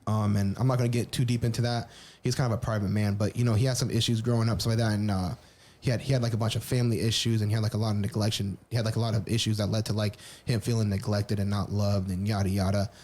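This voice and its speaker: A man's voice: on the low side, level tone, fast, a little mellow. A man on a podcast candidly telling his personal story, rambling with frequent restarts and casual swearing. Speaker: podcast co-host.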